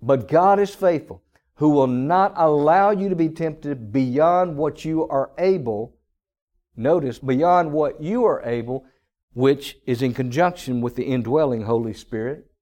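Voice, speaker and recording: A man preaching a sermon, emphatic, with dramatic pauses and big swings in pitch. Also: a little mellow. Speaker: pastor.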